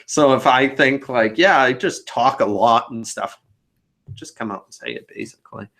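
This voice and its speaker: A man's voice: mid-range voice, normal speed, fairly bright tone. A man hosting a podcast over a video call, talking casually and at length in a rambling way. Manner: rambling, talkative. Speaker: podcast host.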